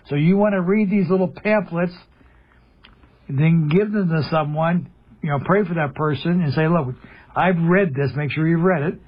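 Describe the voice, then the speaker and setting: A man delivers an emphatic radio sermon, posing questions to the audience and answering them himself. His high-pitched voice is husky, and the recording sounds lo-fi.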